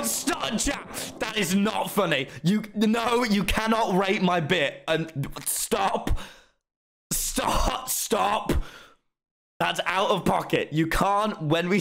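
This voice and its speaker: A man streaming a video game, excitable and mock-outraged in turns, cursing freely and bantering dryly with his chat. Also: sits high, slow, creaky. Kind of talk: casual gaming livestream.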